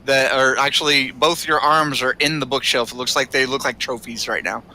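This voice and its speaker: A man's voice: medium pitch, fairly even intonation, a little fast, sharp tone. A man running a tabletop game as game master, narrating with many hesitations. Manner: hesitant, lots of uh, laughs often.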